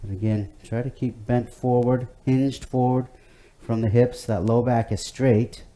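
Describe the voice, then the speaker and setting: A man's voice: medium pitch, fairly even intonation, unhurried, mellow. A man leading a home workout class, talking in an easygoing, chatty way with many fillers and restarts. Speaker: fitness instructor. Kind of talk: guided workout instruction.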